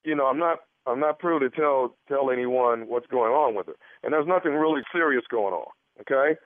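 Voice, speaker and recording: A man's voice: mid-range voice, brisk, no echo, close to an everyday voice. A man on a radio prank call, playing a smarmy doctor who stammers and hints. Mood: sly. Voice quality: stammering, sly, suggestive. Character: smarmy male doctor prank-calling a husband. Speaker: prank caller. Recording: phone-like band-limited sound.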